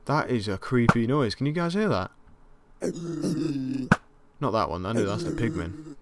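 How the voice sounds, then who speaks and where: A young man giving casual commentary on a game he plays, easily startled, yelping and shouting in panic. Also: medium pitch, very animated, moderate pace, pauses often. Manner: jumpy, easily scared, yelps and shouts in panic. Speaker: gaming channel host. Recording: loud keyboard clicks and noise.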